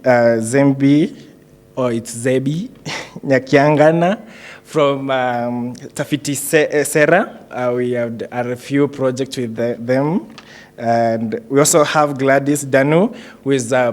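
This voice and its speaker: A man hosts a graduation ceremony in an event room. He speaks with a humorous touch, pausing often and filling gaps with "uh" and "um." His voice sits at an ordinary pitch for a man. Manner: humorous, hesitant with many fillers. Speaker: ceremony host.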